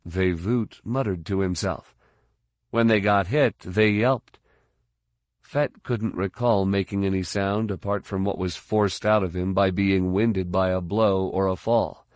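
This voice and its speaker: A man narrates an audiobook in a low voice, unhurried and measured. The recording is close and dry, with no room sound at all. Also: steady tone, no room sound. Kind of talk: scripted narration.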